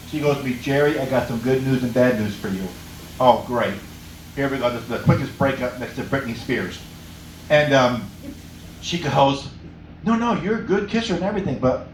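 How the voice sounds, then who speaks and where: A middle-aged man performs stand-up comedy on a small cafe stage before a live audience, rambling and laughing at his own jokes. His mid-range voice has lively intonation, a moderate pace, and long pauses, and the recording is echoey, distant-miked, with a little hiss or hum.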